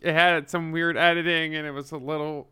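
A young man co-hosts a casual chat and tells stories with enthusiasm. His voice is bright and smooth and sits slightly high. He restarts his sentences often. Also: level tone, brisk. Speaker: podcast co-host.

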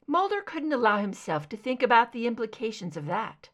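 Expressive woman reading a story aloud. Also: a little high, brisk, hardly any pauses. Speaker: audiobook reader. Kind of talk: reading fan fiction aloud.

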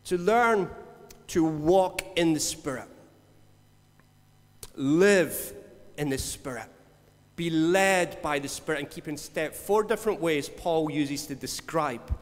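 A pastor with a fairly high voice, preaching in a loose, storytelling way. His words hang in a long hall reverb, and he acts out other people's voices as he goes. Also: slow, long pauses. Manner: storytelling, acts out voices and laughs between lines. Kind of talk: conversational sermon.

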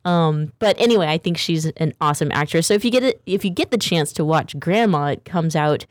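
A woman's voice: low-pitched, brisk, dry recording, clean studio sound. A woman hosting a talk show in a chatty, rambling way. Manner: chatty, rambling, laughs often. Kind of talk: casual chat.

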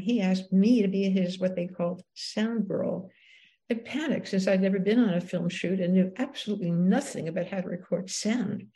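A woman's voice: medium pitch, dark tone, rough recording. A woman in her eighties, an author and filmmaker, reading her memoir aloud and then answering questions reflectively. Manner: reflective, halting restarts when speaking freely.

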